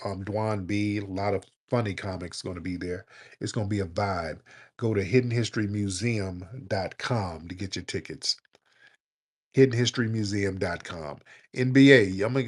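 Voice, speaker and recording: A man hosting a call-in show, blunt and joking, scolding his callers in loud, casual talk. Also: fairly low pitch. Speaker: radio call-in host.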